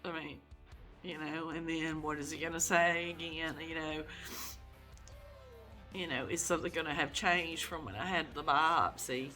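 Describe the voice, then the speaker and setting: A woman recording a personal video diary, upset and close to tears, speaking haltingly with many fillers. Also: deep voice, steady tone, bright, forceful tone, faint music behind. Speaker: vlogger.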